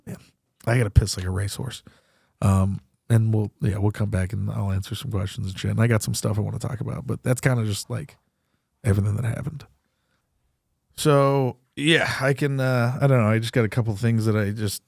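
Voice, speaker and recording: A man's voice: mid-range voice, vocal fry, a little mellow, dry recording, clean studio sound. A young man, a comedian and podcast host, talking candidly and profanely about grief, rambling and laughing through it. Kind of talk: candid casual talk.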